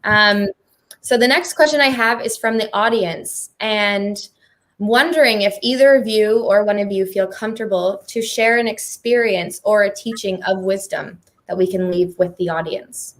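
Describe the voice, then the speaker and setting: A woman's voice: mid-range voice, normal speed. A woman moderating a live panel conversation on stage. She speaks in an earnest, heartfelt way and laughs often. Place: performing arts centre stage.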